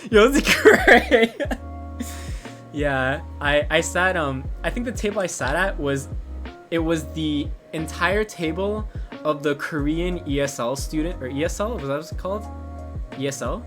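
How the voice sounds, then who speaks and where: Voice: mid-range voice, normal speed, music in the background. Young streamer telling a story animatedly. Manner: animated, swears, lots of "like" fillers, laughs at own story. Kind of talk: casual storytelling. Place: at home, crafting a bow.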